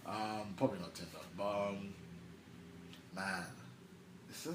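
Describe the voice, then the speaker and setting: A man's voice: lowish voice, steady tone, measured pace. Slangy man in an echoey room. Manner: slangy and chatty, with offhand asides. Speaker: news vlog host. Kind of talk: casual news commentary. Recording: echoey room, faint background noise.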